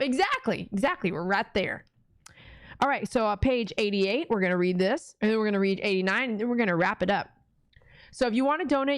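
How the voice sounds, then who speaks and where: A woman's voice: medium pitch, no echo, clean studio sound. Chatty Texan woman hosting a prayer stream. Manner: chatty, talks to viewers and acts out her own inner voice. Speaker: livestream prayer host. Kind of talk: casual live-stream talk.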